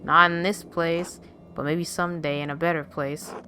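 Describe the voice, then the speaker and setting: A woman reading a gentle, tender dream figure. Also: low voice, flat delivery, normal speed, slight background noise. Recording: game music behind.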